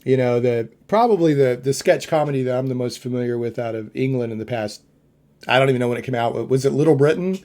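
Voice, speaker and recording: A middle-aged man hosts a relaxed podcast chat, his voice dark and mellow. He rambles, restarting sentences and circling back with fillers as he talks things over. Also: mid-range voice, fast talker. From United States. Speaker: podcast host. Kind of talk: casual chat.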